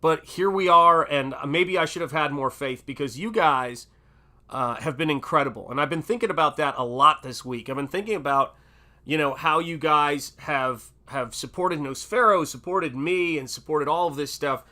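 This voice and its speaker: A man's voice: fairly high pitch, normal speed, pushed and bright. A middle-aged man with a Southern American accent, hosting a livestream in a rambling, chatty way with many fillers. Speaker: livestream host. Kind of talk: casual livestream chat.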